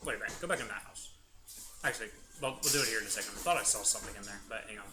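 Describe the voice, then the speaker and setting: A man's voice: on the low side, rapid-fire, background noise. A man casually commenting as he plays a video game, chatting aside to a little child now and then. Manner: chatty, talks to his baby and the game. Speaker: gaming channel host. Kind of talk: casual let's-play commentary.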